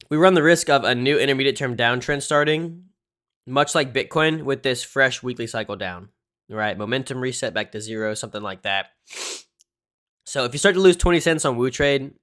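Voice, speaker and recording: A young man talks loosely and conversationally on his livestream, dropping curse words and filler as he goes. His voice sits at an ordinary middle pitch. He runs through trading charts like he's chatting with friends. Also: a bit bright. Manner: casual, swears often, says "dude" and "um" a lot. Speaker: crypto livestream host. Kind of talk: casual livestream chart analysis.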